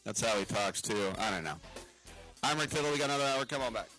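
A man's voice: mid-range voice, fast, pushed and bright, faint music behind, low-quality recording. A man hosting a live sports radio show, rambling in a wry, jokey way on a studio microphone. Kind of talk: casual radio talk.

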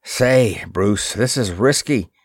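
A man's voice: lowish voice, animated, takes it slowly, no room sound, studio quality. A man voicing a placid, loyal male officer who speaks earnestly and cautiously. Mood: worried.

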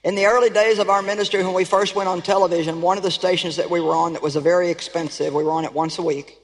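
A woman's voice: fairly low pitch, steady tone, fast talker, big-room sound, rough recording. A woman preaching a sermon in an emphatic, conversational way, sometimes building to exclamations.

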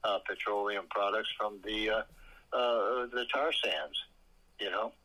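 A man's voice: on the low side, unhurried, pushed and bright, slightly rough, low-quality recording. A man in a casual political chat on the radio, speaking hesitantly with frequent fillers, then pressing his points emphatically.

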